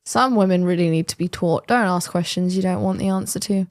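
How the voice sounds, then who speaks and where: A woman's voice: lowish voice, fairly quick, darkish tone, slight background noise. A woman hosting a reaction channel, giving blunt, sarcastic casual commentary. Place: home studio set.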